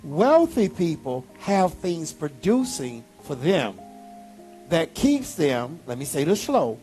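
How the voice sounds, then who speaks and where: A man pastor preaching a sermon, animated, with sudden high exclamations. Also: slow, faint music behind.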